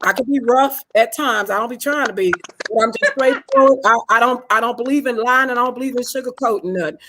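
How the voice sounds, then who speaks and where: A woman's voice: on the high side, quick pace, a bit bright, a little hiss or hum, low-quality recording. A woman from Fort Worth, talking bluntly and straightforwardly as a guest on a live online interview. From Fort Worth, Texas. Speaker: guest, show founder.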